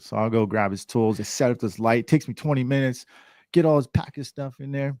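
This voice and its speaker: Gravelly man telling a story. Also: mid-range voice, brisk, dry recording, studio quality. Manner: animated, swearing, acts out voices. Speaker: podcast guest. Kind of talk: casual storytelling.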